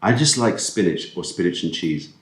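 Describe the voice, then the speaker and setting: Rambling man with a very low voice. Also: animated, moderate pace, roomy sound, slight background noise. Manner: rambling, self-deprecating, talks with food in mouth. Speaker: food vlogger. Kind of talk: casual chat while eating. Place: indoors at a table, eating. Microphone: camera-mounted mic.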